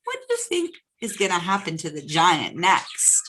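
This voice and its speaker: Animated woman reading a storybook. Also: lowish voice, normal speed, a little hiss or hum, low-quality recording. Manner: animated, asks the children questions. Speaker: children's storytime host. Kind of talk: reading a picture book aloud to children.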